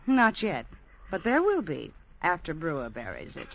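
A woman's voice: deep voice, wildly swooping pitch, normal speed, creaky, breathy edge, heavily acted. An actress playing a scheming woman who teases her lover and demands money, in a 1950s radio drama with mocking laughter. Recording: dull lo-fi old radio broadcast.

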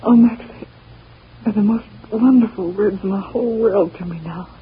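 An actress playing a devoted sweetheart who speaks softly and adoringly, in 1930s radio drama acting. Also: female voice, on the low side, fairly even intonation, measured pace, a little hiss or hum, close to an everyday voice. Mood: tender. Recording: dull lo-fi old radio recording.

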